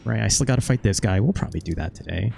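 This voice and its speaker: A man's voice: on the low side, animated, rapid-fire, gravelly, a little mellow, soft background music. A man hosting a gaming video, recapping his playthrough in rambling, casual commentary and swearing offhandedly. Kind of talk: casual let's-play commentary.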